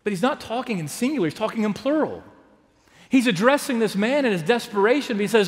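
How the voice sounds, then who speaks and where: A man from Texas preaching a sermon as pastor, earnest and full of rhetorical questions, rising to loud emphatic peaks and dropping to hushed asides. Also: extremely high pitch, expressive, fast talker. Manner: asks the congregation rhetorical questions. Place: large church sanctuary. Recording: long reverb of a big sanctuary.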